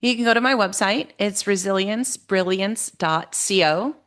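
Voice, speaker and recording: A young woman who coaches on resilience, a guest in a podcast interview, answering slowly and restarting her phrases as she thinks. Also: medium pitch, fairly bright tone. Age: young adult.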